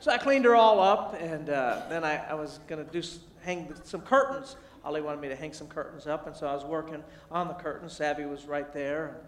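A man giving a humorous motivational sermon, telling a family story with animated, self-deprecating delivery. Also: on the high side, brisk, few pauses. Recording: echoey, distant mic in a large room.

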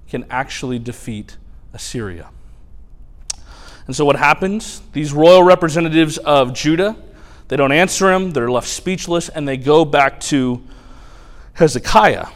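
A man preaching a sermon, retelling a scripture story in animated, colloquial language. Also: a little high, moderate pace. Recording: long hall reverb.

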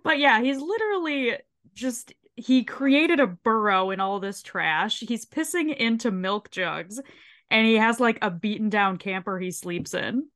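A woman with a sore throat, co-hosting a podcast and recapping a show in an animated, swearing retelling. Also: on the high side, unhurried. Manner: animated, swears freely, briefly mimics characters while retelling. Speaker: podcast co-host. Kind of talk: casual chat recapping a show.

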